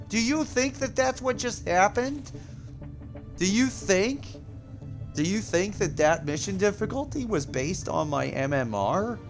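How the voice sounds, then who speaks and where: Fields. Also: male voice, high-pitched, a little slow, faint music behind. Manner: incredulous, excitable, loud exclamations. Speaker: game streamer. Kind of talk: live stream commentary.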